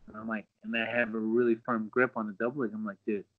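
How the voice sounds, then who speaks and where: A man's voice: lowish voice, level tone, fast talker. A middle-aged man, a guest on a podcast, telling a story casually and animatedly, acting out quotes with lots of fillers. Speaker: guest, former pro fighter. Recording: dull lo-fi sound.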